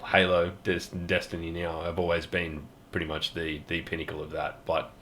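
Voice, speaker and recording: An Australian man hosting a casual gaming podcast, sweary and quick to laugh. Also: low-pitched, monotone, a little hiss or hum. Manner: sweary, laughs often, trails off softly. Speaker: podcast host.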